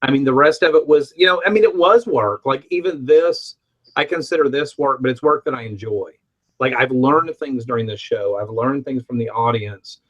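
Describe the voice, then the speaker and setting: A man's voice: mid-range voice, moderate pace, highs cut off. A middle-aged man from Alabama, chatting on a podcast panel and telling rambling, self-mocking stories. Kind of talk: casual podcast chat.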